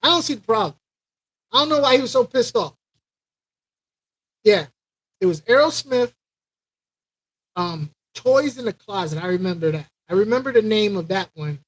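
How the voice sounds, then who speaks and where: Brooklyn-raised male host, higher-pitched voice, loose rambling live-chat storyteller. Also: normal speed, pauses often, dry recording, poor audio. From Brooklyn, New York. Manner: animated, repeats himself, imitates record scratching. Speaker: aquarium channel host. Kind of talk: casual live-stream storytelling.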